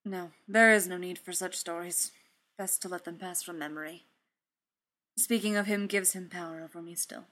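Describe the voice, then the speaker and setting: A woman reading aloud, voicing a grave, proud male warrior god who speaks in a formal, old-fashioned way, low and quiet. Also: steady tone, normal speed, close to an everyday voice. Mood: sorrowful.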